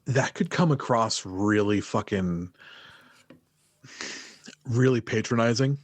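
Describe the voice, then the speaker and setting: A man's voice: on the low side, takes it slowly, no room sound. A man co-hosting a wrestling podcast, talking emphatically with lots of swearing. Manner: emphatic, profane, dramatic asides. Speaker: podcast co-host. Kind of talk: casual wrestling review chat.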